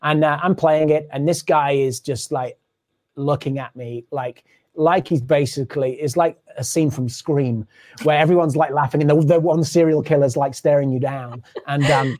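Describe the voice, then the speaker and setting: A man with a somewhat high voice tells a story about his work as a touring drummer. He speaks in a loose, conversational way and mimics the people he quotes as he goes. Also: normal speed. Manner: animated, acts out the people he quotes. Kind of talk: casual storytelling in an interview.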